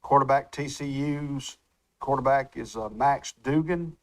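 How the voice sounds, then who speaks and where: A man's voice: mid-range voice, measured pace, dry recording, rough recording. A man hosting a morning talk show, chatting easily and reading sports news. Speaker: radio show host. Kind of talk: casual chat and sports news.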